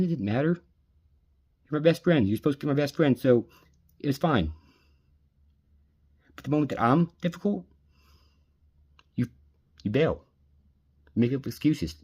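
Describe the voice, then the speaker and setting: Bitter, husky-voiced man ranting. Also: medium pitch, mellow. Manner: bitter, aggrieved, profane. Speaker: vlogger venting. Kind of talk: angry personal rant.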